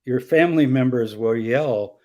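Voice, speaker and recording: A man's voice: medium pitch, moderate pace, warm tone. An older man, a guest scholar in a live conversational Q&A, telling stories animatedly, acting out quoted voices and laughing often. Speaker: guest scholar answering audience questions.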